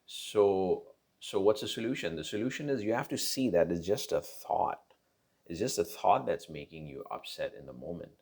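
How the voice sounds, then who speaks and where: A man's voice: deep voice, lively intonation, normal speed, a little mellow. A man giving casual relationship advice in a conversational monologue, with many fillers, restarts and frequent "right?" tag questions.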